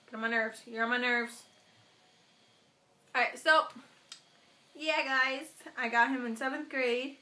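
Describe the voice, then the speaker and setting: A young woman vlogging casually to camera, playful and animated, slipping into baby talk with her dog. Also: on the high side, unhurried, long pauses.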